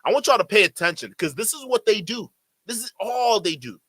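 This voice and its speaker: A man's voice: sits high, very animated, a bit bright, breathy edge, dry recording. A man commentating on a debate clip during a live stream, heated and profane, mocking the people in it. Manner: heated, profane, rapid-fire, with mocking quoted voices.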